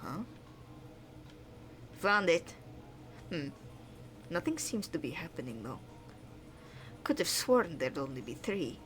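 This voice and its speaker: Young adventurer, read by a woman: lower, quiet, unhurried voice for a game playthrough. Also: very animated, faint music behind, full character voice. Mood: puzzled. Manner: reading game dialogue aloud, lower and quieter than her commentary. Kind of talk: voicing game dialogue on a stream.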